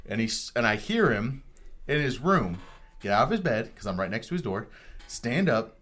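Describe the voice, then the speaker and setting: A man's voice: mid-range voice, very animated, moderate pace, a bit bright. A young adult man telling a story in casual podcast chat, rambling, profane and self-mocking. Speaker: podcast co-host.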